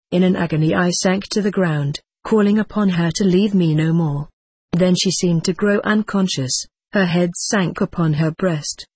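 A woman reading a first-person story aloud as an audiobook narrator, in a measured and solemn dramatic manner. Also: on the low side, a little mellow, husky, dry recording.

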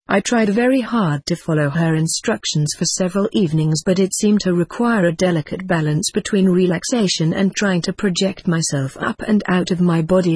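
Breathy woman narrating a memoir. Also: lowish voice, darkish tone, dry recording. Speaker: audiobook narrator. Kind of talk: first-person memoir narration.

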